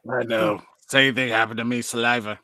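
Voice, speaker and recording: Bright, playful man cracking jokes. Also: medium pitch, little pitch movement, fairly quick. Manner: playful, shouts jokey catchphrases, laughs a lot. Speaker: watch party co-host. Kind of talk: casual commentary over a film.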